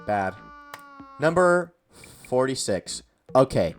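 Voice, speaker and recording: A man's voice: mid-range voice, very animated, normal speed. A young man delivering a mock-outraged comedic rant, exasperated and repeating himself for effect. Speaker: comedy video host.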